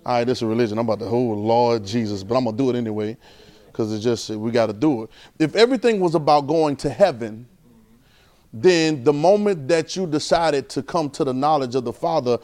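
A man preaching an informal, conversational sermon, repeating phrases and swinging between loud and soft. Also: mid-range voice, expressive, brisk.

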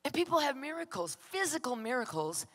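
A woman preacher giving an impassioned, emphatic sermon with personal testimony, often pressing her points to shouted peaks. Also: high-pitched, sing-song, fairly quick. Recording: long hall reverb.

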